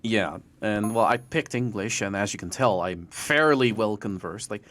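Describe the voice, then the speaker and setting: A man from the Netherlands, a native Dutch speaker, chatting in English as a podcast host and telling stories in an animated, self-deprecating way. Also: on the low side, moderate pace, a little hiss or hum. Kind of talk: casual podcast chat.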